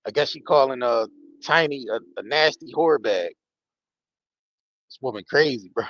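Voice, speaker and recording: A man's voice: medium pitch, expressive, normal speed, fairly bright tone, no room sound. A man hosting a live stream, giving casual commentary in loose, slangy, emphatic talk and swearing freely. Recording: dull, dry lo-fi audio.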